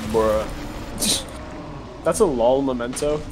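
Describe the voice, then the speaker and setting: A man's voice: mid-range voice, drawn-out words, background noise. A young man chatting casually and goofily while playing a game, full of slang and laughter. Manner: goofy, slangy, laughing often. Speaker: gaming video host. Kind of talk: casual gaming banter.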